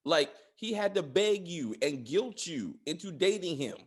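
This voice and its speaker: Animated man ranting in a TV review. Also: fairly high pitch, measured pace, breathy edge. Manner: animated, exasperated ranting with frequent profanity. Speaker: podcast host reviewing a TV series. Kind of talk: casual spoiler review chat.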